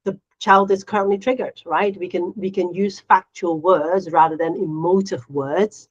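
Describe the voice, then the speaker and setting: A middle-aged woman co-hosting a casual chat, animated, often acting out quotes in a higher voice. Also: moderate pace, dull audio. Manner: animated, acts out quotes in a high voice. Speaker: podcast co-host.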